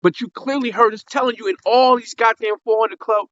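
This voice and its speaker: A man's voice: very high voice, fairly even intonation, fairly quick, fairly bright tone, dry recording. Worked-up swearing man, dry lo-fi audio. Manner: worked up, swearing, stumbling restarts. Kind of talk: heated opinion talk. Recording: dry, dull lo-fi online audio.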